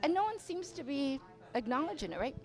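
An older woman, a veteran dancer, telling stories in a casual interview, animated and swearing freely, acting out other people's voices. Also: high voice, a little fast. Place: inside a bar venue. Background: faint music.

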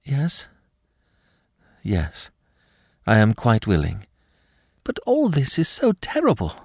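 Male reader voicing a frightened young woman, high, anxious, pleading, dry audiobook sound. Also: huge pitch swings, slow, vocal fry, breathy edge, no echo, full character voice. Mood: fearful. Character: frightened young French woman, about twenty.

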